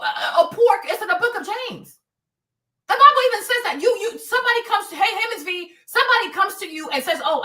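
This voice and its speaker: Woman livestreamer, very high bright voice, emphatic and repetitive, roomy sound from a distance. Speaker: livestream host. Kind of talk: preachy casual livestream talk.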